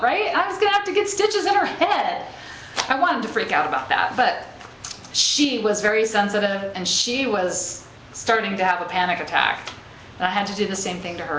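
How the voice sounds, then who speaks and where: Her voice is fairly high, bright and forceful as she gives an inspirational spiritual talk to a live crowd. She talks conversationally, laughs readily during anecdotes, and keeps asking "okay?" and "right?" to stay connected with listeners. Faint ambient noise fills the echoey room.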